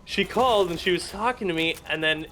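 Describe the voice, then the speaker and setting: A man's voice: high-pitched, fairly quick, slight background noise. A middle-aged man with a Canadian accent, chatting casually as co-host and acting out what people said. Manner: animated storyteller, acts out quotes. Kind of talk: casual chat.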